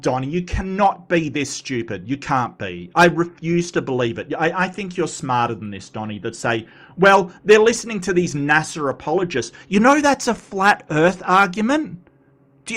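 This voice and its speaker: A man's voice: on the high side, fairly bright tone. A man hosting a reaction commentary, talking in an exasperated, sarcastic and mocking way. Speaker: commentary host reacting to a video.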